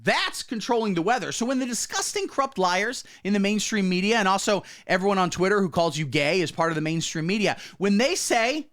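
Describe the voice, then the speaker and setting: A man hosting a satirical news show, delivering commentary in a mock-pompous, swaggering way with sudden low asides. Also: animated, fairly quick, hardly any pauses, fairly bright tone.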